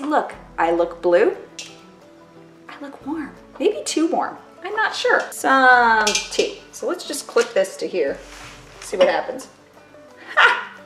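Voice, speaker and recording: A woman's voice: medium pitch, echoey room. Chatty self-mocking woman vlogger. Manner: chatty, self-mocking, uses lots of "like" and "totally". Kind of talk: casual chat to camera.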